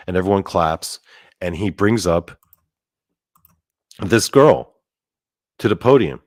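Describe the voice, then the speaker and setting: A man's voice: lowish voice, animated, a little slow, long pauses, dry recording, clean studio sound. A man casually telling a story as host, rambling with lots of fillers and frequent swearing. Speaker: podcast host.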